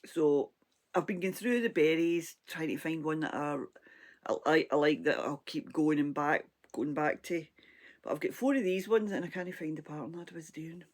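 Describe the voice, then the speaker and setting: A woman with a Scottish accent talks through her crochet in a loose, rambling, chatty way. Her throat sounds hoarse and froggy, and she laughs often. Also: low-pitched, brisk. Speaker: crochet vlogger. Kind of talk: casual crafting chat.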